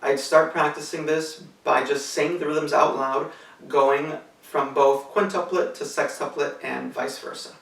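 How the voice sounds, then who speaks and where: A man teaches a cello lesson, laying out each step patiently and calmly. His voice is bright with a gravelly edge. He is recorded from some distance in an echoey room. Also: a little high, a little slow. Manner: patient, methodical explanation with fillers. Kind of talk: instructional tutorial.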